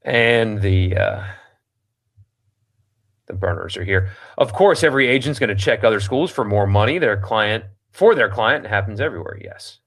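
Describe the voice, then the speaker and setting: A man's voice: on the low side, expressive, moderate pace, a bit bright. A man hosting a sports talk show, reading listener comments aloud and answering them bluntly, with a lot of ums and restarts. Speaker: sports radio host.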